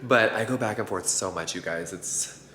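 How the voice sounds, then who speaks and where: A man talking casually to camera in a vlog, expressive and swearing freely, slipping into high baby talk with his dogs. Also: normal speed. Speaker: vlogger. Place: home ranch and vet clinic.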